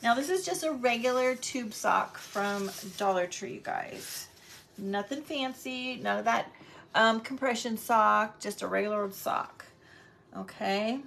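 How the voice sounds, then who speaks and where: A middle-aged woman hosting a live crafting stream, chatting warmly and greeting viewers by name as she works. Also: on the high side, unhurried, vocal fry, slight background noise. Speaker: crafting livestream host.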